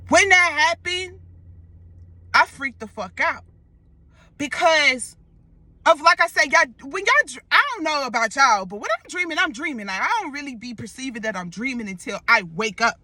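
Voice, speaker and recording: A young woman animatedly retelling a wild dream in a casual vlog, swearing and slangy. Her voice sits high and bright. The sound is close and dry. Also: animated, moderate pace, no room sound. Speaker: storyteller vlogger.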